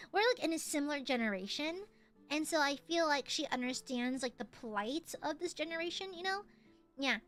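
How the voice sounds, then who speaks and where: A woman's voice: sits high, fairly bright tone. A young woman streamer chatting casually into her mic, giggling often and swearing freely. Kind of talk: casual chat.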